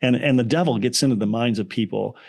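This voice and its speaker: A middle-aged man, the founder of a nonprofit, telling a story as a guest in an interview in an earnest, animated way, often restarting his phrases. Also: mid-range voice, fast, creaky.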